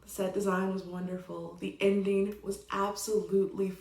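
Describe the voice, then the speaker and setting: A woman's voice: mid-range voice, normal speed, few pauses, roomy sound. A young woman giving a casual, profane film review and acting out the characters' lines. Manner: animated, profane, acts out characters.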